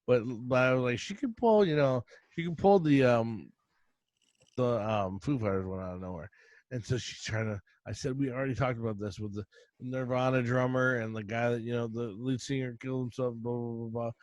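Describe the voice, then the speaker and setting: A man's voice: medium pitch, steady tone, no echo. Middle-aged male podcast host, casual rambling storyteller, dry close sound. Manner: rambling storyteller, quick bursts, laughs often. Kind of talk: casual chat.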